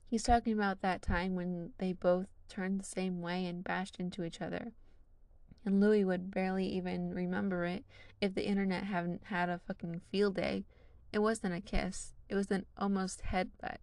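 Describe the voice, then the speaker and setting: A woman's voice: on the low side, flat delivery, normal speed, darkish tone, no echo. A woman narrating a fan fiction story in a casual, wry reading style.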